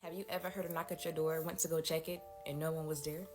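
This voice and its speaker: Brief: woman storyteller, chatty, a bit low-pitched, talks to viewers, music under her voice. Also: flat delivery, fast talker. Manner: chatty, addresses viewers directly. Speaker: storytime host. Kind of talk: casual storytime narration. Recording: music playing behind the voice.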